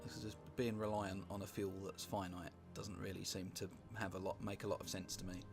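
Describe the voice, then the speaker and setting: A British man casually commentating on a strategy game he is playing, rambling and wry, with sweary asides and thinking out loud. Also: low voice, little pitch movement, brisk, creaky. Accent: British English. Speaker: gameplay commentator. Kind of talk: casual let's-play commentary. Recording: music playing underneath.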